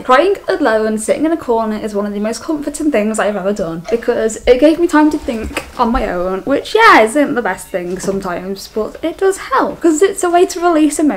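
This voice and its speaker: Young woman vlogger with a high voice, chatty and self-mocking, giggly. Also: a little hiss or hum. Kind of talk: casual vlog chat. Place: bedroom.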